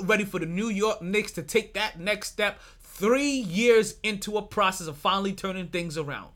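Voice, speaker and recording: A man hosting a sports podcast in casual chat, animated, swearing freely and laughing often. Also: sits high. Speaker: podcast host.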